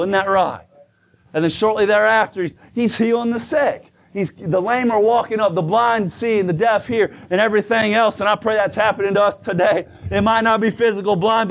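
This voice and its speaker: A man preaching a fervent sermon, shouting in bursts while losing his voice. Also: high voice, creaky. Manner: shouting, call-and-response preaching. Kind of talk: pentecostal-style sermon. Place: church sanctuary. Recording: muffled, lo-fi church recording.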